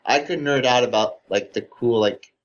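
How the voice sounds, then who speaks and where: Rambling excited man, dull audio. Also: medium pitch, moderate pace, a little hiss or hum. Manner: rambling, heavy use of "like", enthusiastic fan tone. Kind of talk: casual podcast chat.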